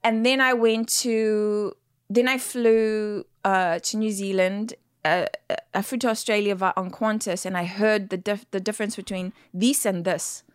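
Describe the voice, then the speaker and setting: A woman's voice: medium pitch, fairly even intonation, smooth, dry recording. Chatty woman in her forties, dry sound. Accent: American. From South Africa. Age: 40s. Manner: chatty, laughing, quick to do accents. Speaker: guest actor. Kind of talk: casual podcast chat.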